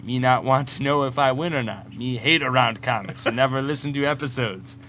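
A man's voice: mid-range voice, moderate pace, fairly bright tone, a little hiss or hum, lightly acted. A man reading a listener's letter in the voice of Bizarro, a dim-witted backwards male supervillain, speaking in broken grammar. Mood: dopey. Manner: broken grammar, calls himself "me". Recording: dull lo-fi podcast audio.

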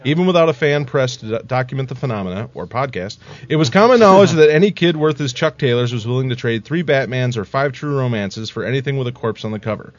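A man's voice: mid-range voice, lively intonation, fast talker, lo-fi sound. A man co-hosting a podcast, reading a scripted history aloud in a casual way and laughing at his own slips.

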